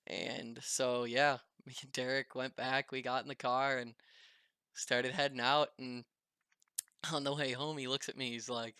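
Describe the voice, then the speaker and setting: A man telling a story to his viewers in a casual, animated, chatty way, often breaking into laughter. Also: mid-range voice, a little slow, clean tone, dry recording, clean studio sound. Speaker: vlogger.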